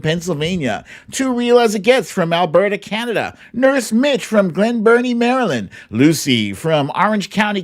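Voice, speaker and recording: A man hosting a live stream, reading out viewers' greetings with playful, sing-song asides and little hums. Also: fairly high pitch. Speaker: livestream host. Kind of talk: reading a live chat roll call.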